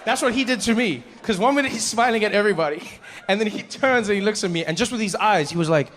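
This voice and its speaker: A male stand-up comedian telling a story on stage, animated and self-mocking, acting out every character. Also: sits high, quick pace, in a large hall, a little hiss or hum.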